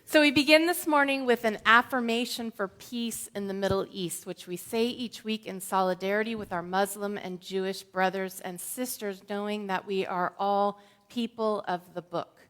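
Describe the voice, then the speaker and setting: A woman minister opening a church service with affirmations and prayer in a measured, liturgical delivery. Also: mid-range voice, a bit bright.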